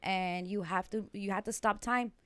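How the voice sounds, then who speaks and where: A woman's voice: mid-range voice, fairly even intonation, normal speed, fairly bright tone, smooth, no room sound. A woman hosting a morning radio show, upbeat and chatty, laughing easily. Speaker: radio host.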